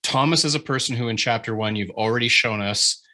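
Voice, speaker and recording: Guy running a writing workshop on a call, bright tense voice, animated, swears a lot, restarts sentences. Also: mid-range voice, brisk. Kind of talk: informal manuscript critique.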